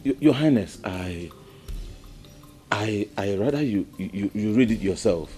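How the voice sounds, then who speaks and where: A man's voice: on the low side, animated, measured pace, warm tone, faint music behind. An actor with a Nigerian accent playing a nervous, deferential male palace servant who stammers. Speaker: royal servant.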